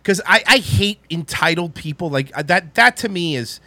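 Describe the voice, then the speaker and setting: A man tells a story in casual chat, his voice swinging widely and sounding bright and forceful. He rants with plenty of profanity and false starts. The sound is close and dry. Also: sits high, normal speed, no echo. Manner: animated, profane ranting.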